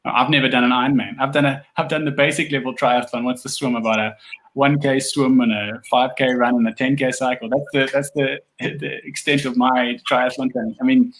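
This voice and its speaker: A man's voice: medium pitch, little pitch movement, brisk, fairly bright tone, slight background noise, poor audio. A man hosting an interview, talking in a rambling, reflective way. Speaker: podcast host. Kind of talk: conversational interview.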